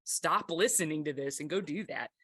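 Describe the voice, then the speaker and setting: A woman hosts a podcast interview in a casual, chatty way, full of enthusiasm and quick laughs. Her voice is bright and forward. The sound is close and dry. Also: sits low, no room sound. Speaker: podcast host.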